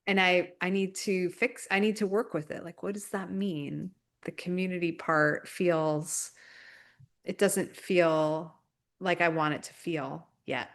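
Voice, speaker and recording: Woman co-host, lower voice, thinks aloud in halting phrases during a relaxed spiritual chat. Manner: reflective, searching, halting phrases. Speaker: podcast co-host.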